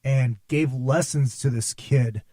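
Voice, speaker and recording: A man's voice: mid-range voice, takes it slowly, dark tone, dry recording, studio quality. A man hosting a casual interview, giving short, easygoing reactions. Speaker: podcast host.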